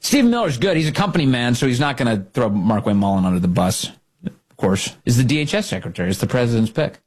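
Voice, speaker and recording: A man's voice: mid-range voice, very animated, quick pace, a little mellow, breathy edge. A man hosting a talk radio show, giving opinionated, sarcastic commentary and mocking others in put-on voices.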